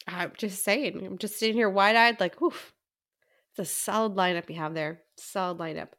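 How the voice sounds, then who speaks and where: A woman co-hosting a book podcast with a voice of ordinary middle pitch. She chats animatedly about books and reads listener messages aloud in a casual, friendly flow. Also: moderate pace, fairly bright tone. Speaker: podcast co-host.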